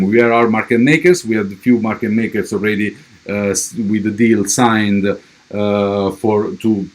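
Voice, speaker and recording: A man with a heavy Italian accent represents a crypto project, delivering a livestream update and fielding viewer questions. He speaks at a medium pitch, with lots of fillers and restarts.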